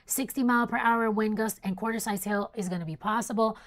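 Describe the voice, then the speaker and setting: A woman's voice: a little high, steady tone, a little fast, fairly bright tone. Chatty woman hosting a weather livestream. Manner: chatty, reads warnings then jokes with chat. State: sleepy, yawning. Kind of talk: casual live weather coverage.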